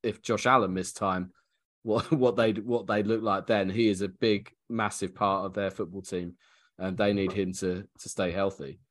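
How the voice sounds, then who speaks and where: Low-voiced man breaking down football. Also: fairly even intonation, moderate pace. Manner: analytical, hesitant, laughs easily. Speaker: podcast co-host. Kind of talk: casual sports chat.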